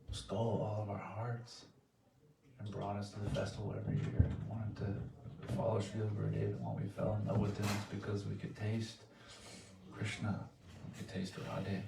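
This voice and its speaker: Man, deep voice, earnest devotional sharing, halting speech, distant mic, echoey hall. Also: vocal fry. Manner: earnest, soft-spoken, halting with restarts. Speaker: devotee giving a spoken offering. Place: temple hall. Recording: echoey room, distant mic, faint noise.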